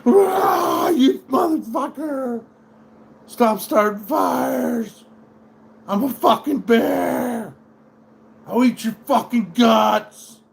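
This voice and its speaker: A man voicing a furious male bear who shouts and curses savagely. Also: very high voice, extremely slow, gravelly, voice pushed up, full character voice. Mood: enraged. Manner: shouting, cursing.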